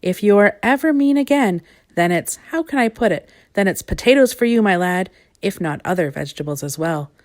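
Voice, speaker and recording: A woman's voice: low-pitched, steady tone, brisk, hardly any pauses, no echo, clean studio sound. A woman voicing a wordy, rambling old male wizard who talks in fussy, roundabout phrases.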